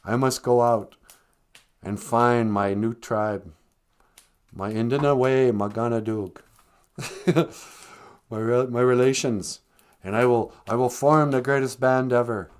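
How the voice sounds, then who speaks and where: A man's voice: medium pitch, steady tone, takes it slowly, pauses often, smooth, lightly acted. A man voicing a young Native man who speaks for his group in a grandly earnest, projecting way. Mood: solemn. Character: young Native man, bold gang spokesman.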